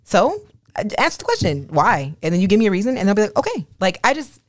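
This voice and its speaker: A woman's voice: medium pitch, big pitch swings, racing, no room sound, studio quality. A woman co-hosting a podcast with her husband, talking candidly and acting out quoted dialogue. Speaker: podcast co-host. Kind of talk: casual podcast chat.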